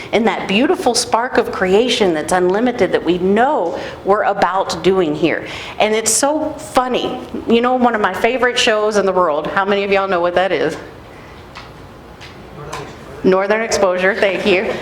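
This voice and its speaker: A woman pastor giving a sermon in a conversational, animated storytelling way. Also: medium pitch. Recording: echoey room, faint noise.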